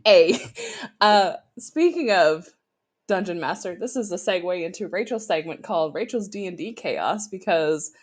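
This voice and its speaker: A Canadian woman co-hosts a podcast, telling stories in casual chat and laughing often. Her voice is lowish and expressive, at normal speed.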